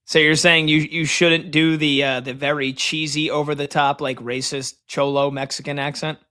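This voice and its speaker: A man's voice: on the high side, little pitch movement, normal speed, pushed and bright, clear, resonant tone. A man co-hosting a sports radio show, rambling loosely and joking in casual banter.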